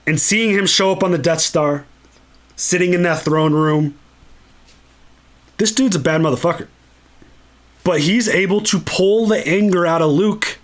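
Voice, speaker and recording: A man hosting a solo podcast, talking casually and excitedly, swearing a lot and acting out lines from movies. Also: high voice, a little slow, long pauses. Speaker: podcast host.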